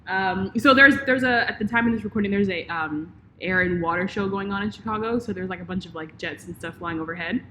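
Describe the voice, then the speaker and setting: Young woman co-host, playful, bright voice, roomy echo. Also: medium pitch, a little fast, few pauses, slight background noise. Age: 20s. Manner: playful, laughs easily. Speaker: podcast co-host. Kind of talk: casual chat.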